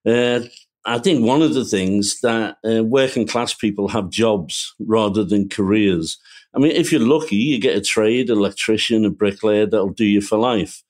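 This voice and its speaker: A man's voice: on the low side, normal speed. A man with a Liverpool accent, a guest author, recalling his working-class life in a reflective, storytelling way. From Liverpool, England. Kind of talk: casual interview.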